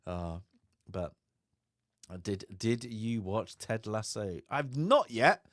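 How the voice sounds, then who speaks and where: A man's voice: lowish voice, lively intonation, takes it slowly, fairly bright tone, no room sound, clean studio sound. A man, co-hosting a casual chat, rambling and trailing off with easy laughs. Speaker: podcast co-host.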